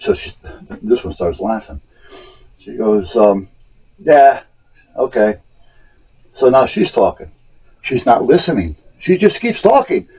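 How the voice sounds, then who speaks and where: Husky, animated man telling a story. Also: mid-range voice, measured pace, long pauses. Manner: animated, exasperated retelling of a phone call. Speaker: vlogger. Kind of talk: casual storytelling rant. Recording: tinny lo-fi phone-like audio.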